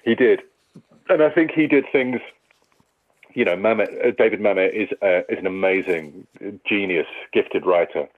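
A man's voice: on the low side, moderate pace. A male actor answering interview questions in a thoughtful, rambling way, with many restarts. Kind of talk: conversational interview. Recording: tinny phone-like line.

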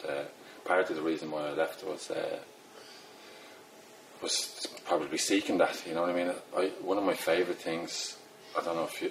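Middle-aged Dublin poet, very low voice, casual and self-deprecating, noisy background. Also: male voice, creaky. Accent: Dublin Irish. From Ireland. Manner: rambling, self-deprecating, many fillers. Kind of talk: casual interview talk.

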